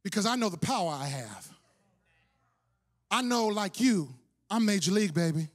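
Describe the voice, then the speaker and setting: A man preaching a sermon as pastor, telling a story with shouting, playful energy. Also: sits high, expressive, normal speed. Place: church sanctuary.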